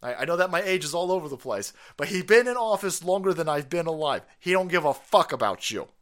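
A man's voice: fairly high pitch, very animated, fast, fairly bright tone. A man hosting a livestream, ranting about politics in a profane, mocking way and laughing often. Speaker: livestream host. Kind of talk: foul-mouthed political comedy rant.

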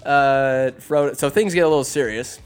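A man recapping a fantasy film in casual, sarcastic commentary, animated and quick to put on voices for the characters. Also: medium pitch, clean tone, soft background music. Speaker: movie recapper. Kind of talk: casual comedic movie recap. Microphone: phone or desk mic, recording alone.

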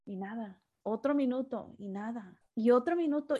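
Woman, casual podcast chat, animated storytelling, fairly high voice. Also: brisk, hardly any pauses. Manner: animated storytelling, switching between English and Spanish, swearing freely. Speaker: podcast co-host.

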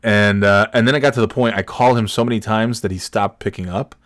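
A man casually telling a funny personal story, animated and swearing freely, acting out what people said. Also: on the low side, fast talker, no echo, clean studio sound. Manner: animated, swears freely, acts out quotes with big shouts.

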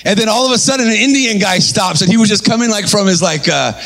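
A man preaching an energetic sermon, telling a story and calling out to the congregation. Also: sits high, fast, gravelly. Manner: animated, calls out to congregation.

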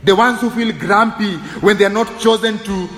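Preacher, high-voiced, playful and animated, echoey church with long reverb. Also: male voice, normal speed, slight background noise. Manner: animated, humorous, switching between English and Swahili. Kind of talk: sermon. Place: church sanctuary.

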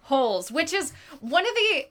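A woman's voice: high-pitched, big pitch swings, moderate pace, sharp tone. A young adult woman hosting a movie podcast in casual chat, bubbly and giggly with emphatic bursts. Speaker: podcast host.

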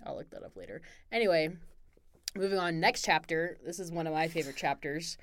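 A young woman with a low, fairly quick voice co-hosts a casual book-club podcast, laughing often and playfully acting out characters' lines. The recording is dry and studio quality.

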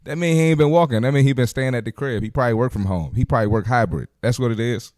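A podcast host reacts to clips in a medium-pitched male voice that's quick and a bit dark, recorded dry and close with no echo. His casual commentary is a blunt, joking roast full of slangy trash talk.

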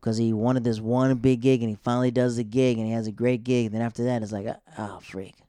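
A man's voice: medium pitch, level tone, brisk, warm tone, no echo, studio quality. A man in his twenties or thirties, a stand-up comedian, chatting casually with a rambling, self-interrupting way of talking. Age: 20s to 30s. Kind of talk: casual chat.

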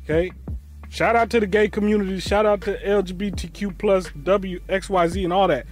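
A man hosting a reaction show, giving loud, animated commentary and swearing freely. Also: high voice, a little fast, faint music behind. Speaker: host.

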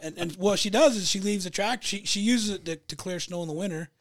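A man co-hosting a podcast, telling a long anecdote in a relaxed, halting way with many restarts. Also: high voice, no room sound, studio quality. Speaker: podcast co-host. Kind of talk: casual storytelling chat.

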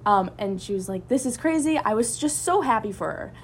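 A young college woman tells a story on a casual podcast, quick and animated, filling gaps with "like" and "um". Her voice sits at a middle pitch for a woman, with a faint hiss behind it. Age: young adult. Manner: animated, breathless storytelling with many fillers. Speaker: student club member.

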